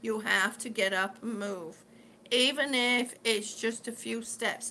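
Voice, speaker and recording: A woman's voice: a little high, takes it slowly, sharp tone. A middle-aged woman chatting casually on her live stream, rambling and answering viewers' comments as she goes. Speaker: vlogger living with lung disease.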